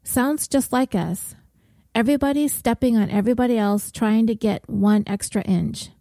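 A woman voicing a wry, gruff troubled woman. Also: on the high side, normal speed, dark tone, no echo, studio quality. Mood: weary. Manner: wry, gruff and self-mocking. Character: troubled blunt woman, prone to self-harm.

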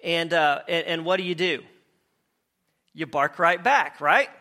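A man preaching with a high, bright voice that sits well above most men's. He talks conversationally, restarting phrases and asking the room questions. It sounds like a pastor working through a message. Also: steady tone, unhurried. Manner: conversational, asks the congregation questions, repeats words as he goes. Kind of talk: sermon.

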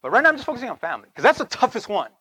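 A man's voice: extremely high pitch, big pitch swings, racing, pushed and bright, slightly rough, dry recording. A man giving an informal sermon in a conversational way, dropping to whispers for asides and rising for emphasis, often checking in with his listeners. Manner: keeps checking in with the audience. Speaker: preacher.

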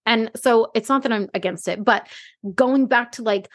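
A woman, co-hosting a casual chat and acting out quotes with big jumps in pitch. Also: normal speed. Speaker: podcast co-host.

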